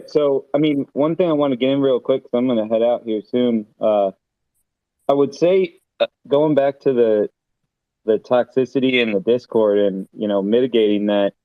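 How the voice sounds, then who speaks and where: A man's voice: mid-range voice, no echo. Thoughtful man on dull voice call. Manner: rambling, thoughtful, many fillers and restarts. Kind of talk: casual voice chat. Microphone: online voice call.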